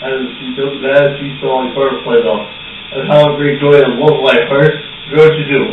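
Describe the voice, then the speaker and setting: A man's voice: medium pitch, level tone, moderate pace, a little hiss or hum. A man reciting a rhyming story in a rambling, sing-song way for a homemade puppet skit. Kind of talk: amateur storytelling in rhyme. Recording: very echoey, dull, distant home recording.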